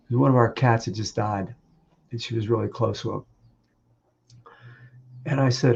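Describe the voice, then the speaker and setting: Husky gravelly man, halting tribute. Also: mid-range voice, darkish tone, dull audio. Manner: halting, tearful, laughs through grief. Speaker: grieving husband sharing memories. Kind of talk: emotional memorial tribute. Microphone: video call.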